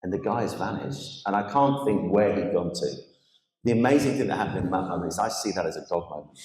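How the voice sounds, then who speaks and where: A man with a notably low voice tells a personal story to a gathered audience. He is animated, switching into other people's voices as he goes. The sound carries the echo of a large church hall. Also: fast. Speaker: guest speaker. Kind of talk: storytelling testimony on stage.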